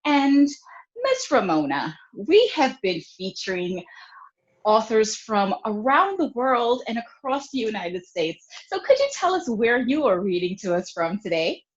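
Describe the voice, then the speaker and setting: A woman hosting a children's reading show, introducing a guest author. Her voice is a bit high and very animated in pitch, with a dull, lo-fi sound. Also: measured pace. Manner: lively, welcoming. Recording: dull lo-fi recording.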